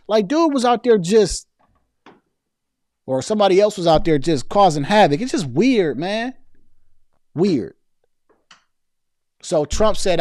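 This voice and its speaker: A man's voice: high voice, big pitch swings, unhurried, pauses often, darkish tone, dry recording, clean studio sound. A man hosting a casual political commentary stream, reading viewer comments and talking loosely with slang, frequent restarts and repeated words.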